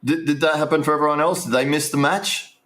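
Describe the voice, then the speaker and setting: A man's voice: fairly high pitch, steady tone, fast, fairly bright tone. A man giving casual, rambling live stream commentary, restarting sentences and talking straight to his viewers.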